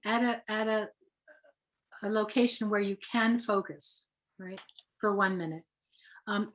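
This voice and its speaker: A woman guiding a group through a breathing meditation on a video call, speaking softly and slowly as she guides, with halting restarts when she explains. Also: medium pitch, low-quality recording. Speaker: guest leading a breathing exercise.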